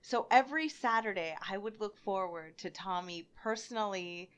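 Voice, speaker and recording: A young woman telling a story on a casual podcast, laughing often and getting loud when she acts out quotes. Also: medium pitch, normal speed, clear, resonant tone. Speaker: bartender guest.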